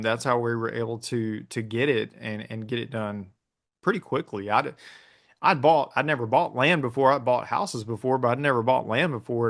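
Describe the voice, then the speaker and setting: A man as an interview guest, telling a story in a relaxed way with plenty of ums and restarts. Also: medium pitch. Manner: relaxed storytelling with many fillers. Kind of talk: casual interview conversation.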